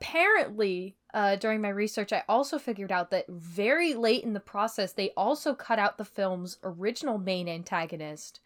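A woman's voice: mid-range voice, animated, normal speed, hardly any pauses. A woman co-hosting a casual podcast, talking in a chatty, analytical way and laughing easily. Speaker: podcast co-host. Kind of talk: casual chat.

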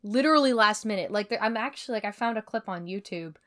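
Woman on a podcast, mid-pitched, chatty, picks apart a movie, laughs easy. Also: expressive, fast, fairly bright tone. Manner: chatty and analytical, laughs easily. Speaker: podcast co-host. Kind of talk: casual chat.

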